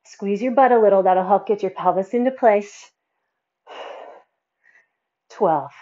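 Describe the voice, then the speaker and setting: A woman's voice: medium pitch, a little slow, mellow, lo-fi sound. A woman fitness instructor coaching a workout, counting reps and encouraging, sighing and a bit out of breath between exercises.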